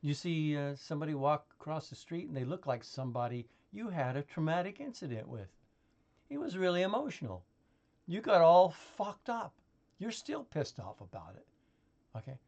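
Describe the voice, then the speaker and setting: A man's voice: fairly high pitch, very animated, normal speed, darkish tone. A man talking in a casual, rambling monologue, full of swearing, laughter and restarts. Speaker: vlogger.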